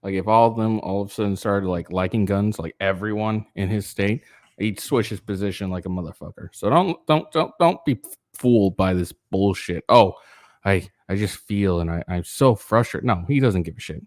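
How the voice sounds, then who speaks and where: A man with a fairly low voice reads a news piece aloud and keeps breaking into crude, rambling asides. He sounds tired, stumbles and restarts often, and leans on fillers. The sound is close and dry. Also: brisk, darkish tone, dry recording. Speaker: political commentary channel host. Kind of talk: casual reading of a news article with rants.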